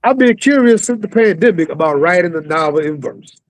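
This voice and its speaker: Affirming host man with a high, dry voice. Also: expressive, brisk, no echo, low-quality recording. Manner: affirming, short backchannel replies. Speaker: podcast host. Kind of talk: casual interview.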